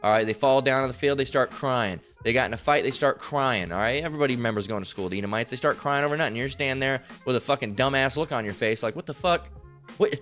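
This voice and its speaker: A man giving informal online Bible teaching, rambling and profane, repeatedly asking "all right?" and slowly reading verses aloud. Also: mid-range voice, fairly bright tone, faint music behind. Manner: reads scripture aloud slowly.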